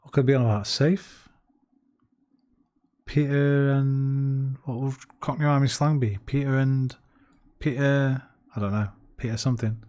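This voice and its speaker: A man's voice: mid-range voice, fairly even intonation, unhurried, pauses often, warm tone. A man in casual watchalong commentary, chatty and swearing, musing aloud. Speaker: streamer.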